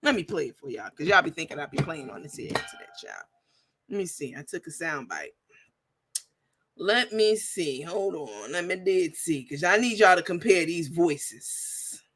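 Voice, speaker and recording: A woman's voice: deep voice, lively intonation, normal speed, fairly bright tone, slightly rough. A woman hosting a commentary stream in a blunt, profane, sassy manner. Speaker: host. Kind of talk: commentary vlog.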